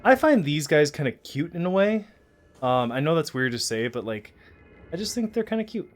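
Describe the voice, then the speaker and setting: A man's voice: a little high, big pitch swings, normal speed, faint music behind. A man giving casual, rambling commentary while streaming a video game. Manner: chatty, rambling, self-deprecating.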